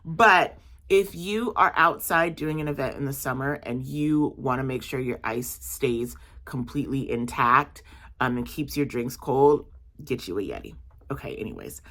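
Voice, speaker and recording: A young adult woman telling a casual, animated story about her day as a market vendor, with frequent fillers. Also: rumbling low, normal speed.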